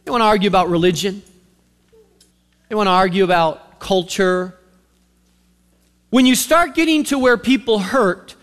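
A man preaching a sermon, retelling a story with animated, sarcastic acted-out voices. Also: high voice, big-room sound.

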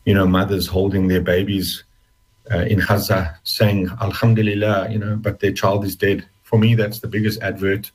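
Deep husky-voiced man, halting and reflective. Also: little pitch movement, rough recording. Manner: halting, reflective, with many restarts. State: emotional, close to tears. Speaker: interview guest. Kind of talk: personal testimony in an interview.

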